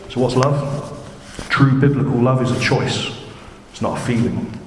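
A man's voice: mid-range voice, measured pace. A man preaching an informal sermon, chatty and conversational, often putting questions to the congregation. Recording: echoey hall with background noise.

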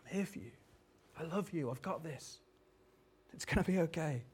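A man voicing God as a gentle, fatherly male presence who speaks in a hushed, reassuring near-whisper. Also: on the high side, expressive, normal speed, husky. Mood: tender.

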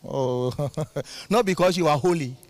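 Animated high-voiced male preacher. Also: measured pace, dry recording. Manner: animated, laughing, call-and-response with congregation. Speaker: guest preacher. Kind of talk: sermon.

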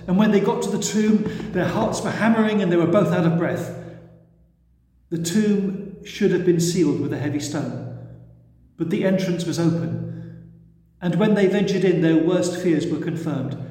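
A man preaching, retelling a story gently and expressively before leading a prayer. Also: high-pitched, normal speed. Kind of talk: sermon storytelling. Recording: echoey church hall.

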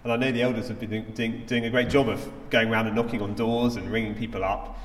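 A man's voice: on the low side, flat delivery, quick pace. A man giving a sermon as a preacher, in a conversational, reflective way with frequent fillers. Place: church hall. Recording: echoey church hall.

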